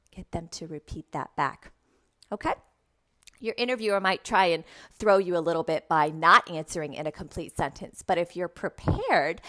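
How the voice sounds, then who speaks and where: A woman who teaches English online, explaining how to present lesson slides and modeling words slowly and clearly for young learners. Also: on the low side. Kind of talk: instructional talk with classroom demonstrations.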